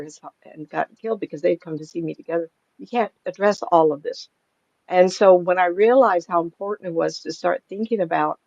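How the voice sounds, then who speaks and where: A woman's voice: on the low side, creaky, a little mellow, no echo, highs cut off. An older woman, a psychic medium, chatting casually in an interview, rambling through stories and laughing often.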